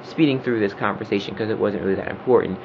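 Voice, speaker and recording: A man talking in a casual vlog rant, animated and profane, often getting loud and heated. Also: on the low side, fast talker, creaky, muffled recording, slight background noise. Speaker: video blogger.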